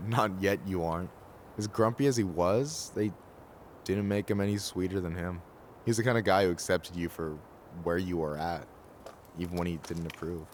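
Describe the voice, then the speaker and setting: A man's voice: deep voice, normal speed, a little hiss or hum, close to an everyday voice. An actor playing a wry, loyal young man in a video game, talking in a casual, blunt, teasing way. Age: young adult. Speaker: game character.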